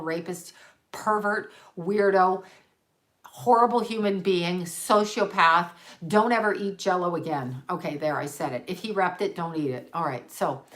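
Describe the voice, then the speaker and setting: A woman's voice: mid-range voice, a bit bright. A woman, a psychic medium, talking on a livestream as she channels, rambling and correcting herself, repeating words for emphasis.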